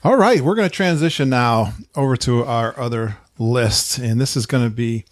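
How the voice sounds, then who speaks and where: A man's voice: medium pitch, moderate pace, no echo, clean studio sound. A man hosting a podcast in casual chat, chatty and laughing often. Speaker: podcast host.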